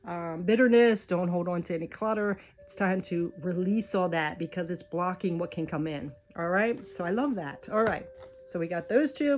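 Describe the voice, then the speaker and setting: A woman reading oracle cards, chatty and encouraging, thinking aloud as she goes. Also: on the low side. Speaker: tarot card reader. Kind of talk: spiritual card reading. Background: faint music.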